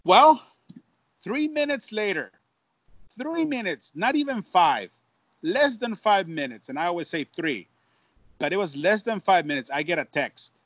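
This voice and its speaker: A man with a notably high voice tells a story in an animated way, repeating words and mixing in Spanish. The sound is dry and somewhat dull. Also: a little slow, no echo. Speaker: baseball broadcaster, guest. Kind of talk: storytelling in an interview. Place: at home.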